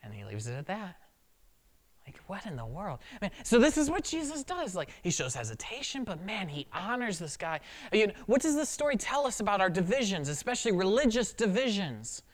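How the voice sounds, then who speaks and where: Lively, conversational church pastor. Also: medium pitch, a little fast. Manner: conversational preaching with lively acted quotes. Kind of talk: sermon.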